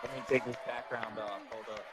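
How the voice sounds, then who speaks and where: A man's voice: mid-range voice, steady tone, fairly quick, a loud crowd, heavy background noise. A man chef calling in over video from a restaurant kitchen, upbeat and hyping up his crew. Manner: upbeat, hype-man energy. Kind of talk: casual video call greeting.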